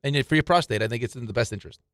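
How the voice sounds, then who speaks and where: Fast-talking teasing male radio co-host. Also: mid-range voice, fairly bright tone, dry recording, clean studio sound. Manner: teasing, quick-witted. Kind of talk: casual sports radio banter.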